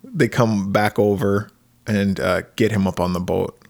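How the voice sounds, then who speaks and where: A man's voice: lowish voice, steady tone, unhurried, creaky. Swearing, laughing podcast co-host man. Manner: laughs often, swears casually. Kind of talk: casual chat.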